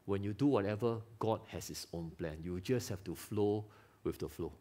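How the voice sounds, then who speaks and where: A man preaching a lively sermon in Singaporean English, firing rhetorical questions and teasing members of the congregation by name. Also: lowish voice, normal speed. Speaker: pastor. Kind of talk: live sermon. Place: church hall.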